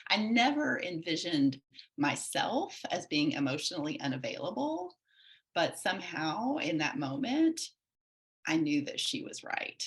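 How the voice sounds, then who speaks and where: A woman's voice: fairly low pitch, sing-song, a little slow, a bit bright. A woman in her forties, a podcast guest, sharing a candid personal story in an earnest, reflective way. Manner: earnest, reflective, talks in loose run-on sentences.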